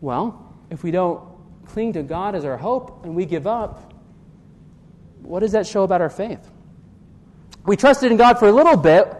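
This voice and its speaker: A man's voice: high voice, animated, measured pace, pauses often, darkish tone, big-room sound, a little hiss or hum. A man preaching a sermon as pastor, earnest, often restarting his sentences and asking rhetorical questions.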